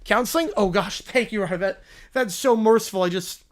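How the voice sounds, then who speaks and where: A man's voice: high-pitched, fairly quick, lightly acted. Lyle Hutsberg, a man playing a nervous, sorry lawyer. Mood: pleading. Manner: nervous, stammering, apologizes constantly. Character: bumbling, endlessly apologetic male defense lawyer. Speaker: defense lawyer in a comedy courtroom sketch. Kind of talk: comedy sketch acting.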